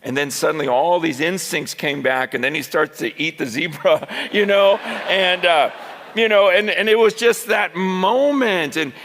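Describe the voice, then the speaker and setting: A high-pitched, gravelly male preacher telling a story in a sermon. His voice rings with a long hall reverb. He starts out chatty and rises to loud shouting. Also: a little slow, slight background noise.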